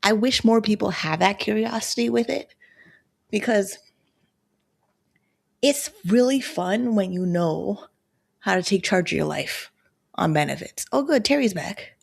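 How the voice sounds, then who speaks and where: A woman's voice: medium pitch, lively intonation, unhurried, vocal fry, pauses often, husky. A woman hosting a casual livestream, a bit out of breath, chatty and asking direct questions. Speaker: livestream host.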